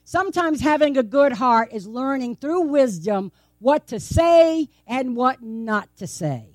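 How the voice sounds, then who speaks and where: Lively woman preaching a sermon. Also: sits high, measured pace, no echo, clean studio sound. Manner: conversational, asks many rhetorical questions; playful, laughs often. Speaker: pastor. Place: church.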